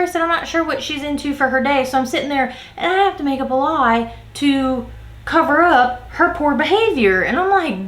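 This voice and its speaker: A woman's voice: high-pitched, normal speed. A woman vlogger chats through a workplace storytime while doing her makeup. She retells the story with lots of "like" and acts out what her coworkers said. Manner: animated retelling, acting out quoted coworkers, heavy use of "like". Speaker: beauty vlogger. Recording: roomy echo.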